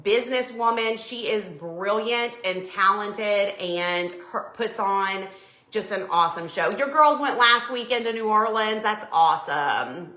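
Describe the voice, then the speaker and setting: A middle-aged woman hosting a crafting livestream, chatting excitedly with viewers as she works. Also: medium pitch, measured pace. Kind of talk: casual live chat while crafting. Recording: echoey room.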